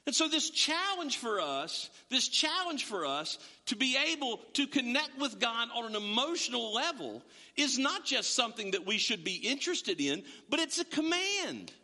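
A man preaching a sermon as pastor, animated and acting out his listeners' voices. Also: extremely high pitch, normal speed, long reverb tail.

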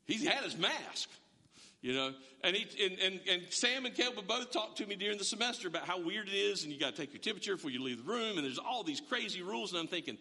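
A middle-aged man preaching a sermon in a lively, conversational way, often restarting his sentences. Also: high-pitched, fast talker. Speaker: pastor. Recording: reverberant church hall.

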